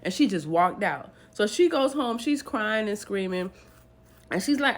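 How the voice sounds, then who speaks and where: A woman's voice: mid-range voice, animated, a little slow. A woman retelling a dramatic true story in a casual storytime way, animatedly acting out the people's lines.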